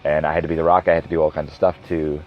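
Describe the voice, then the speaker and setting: A man's voice: a bass voice, flat delivery, racing. A man in his thirties hosting a solo podcast, rambling casually, going off on tangents and correcting himself as he goes. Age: 30s. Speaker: podcast host. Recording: dull lo-fi recording with music behind. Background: background music.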